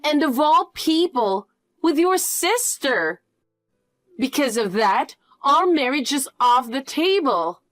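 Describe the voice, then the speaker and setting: A woman's voice: sits high, sing-song, unhurried, hardly any pauses, a bit bright, no echo, clean studio sound, soft background music, voice pushed up, heavily acted. A woman voicing a greedy, pushy middle-aged birth mother who demands money, in a scripted story reading. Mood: wheedling. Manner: demanding, wheedling.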